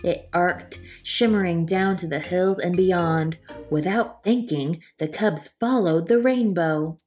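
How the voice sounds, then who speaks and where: A woman reading a children's storybook aloud in a gentle, expressive manner, as the host of a storytime channel. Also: on the low side, slow pace, soft background music. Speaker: storytime reader.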